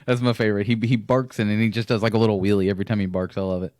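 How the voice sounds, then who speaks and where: A man co-hosting a podcast in casual chat, rambling and laughing often, with quick restarts. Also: fairly low pitch, flat delivery, a little mellow, no echo, clean studio sound. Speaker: podcast co-host.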